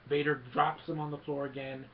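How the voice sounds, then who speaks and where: A young man casually retelling a film as a fan, excited and rambling, with many fillers and restarts, on a muffled recording with a faint hum. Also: fairly high pitch, brisk.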